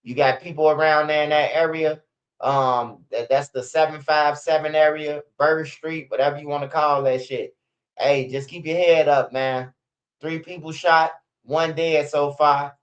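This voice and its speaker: A man's voice: a little high, dull audio. A man hosting a casual news livestream, rambling and profane with stammering restarts. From Chicago, USA. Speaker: street news livestream host.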